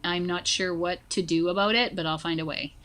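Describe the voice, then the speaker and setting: Bright-voiced woman in her forties. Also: on the low side, brisk. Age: 40s. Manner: animated storyteller, many fillers like "like" and "you know". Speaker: guest, social emotional learning teacher. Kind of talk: casual conversation.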